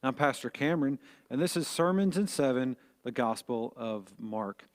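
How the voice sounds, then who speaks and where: A man's voice: mid-range voice, animated, normal speed. A middle-aged man, preaching a short devotional sermon in an earnest, conversational way, with fillers and restarts. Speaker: pastor.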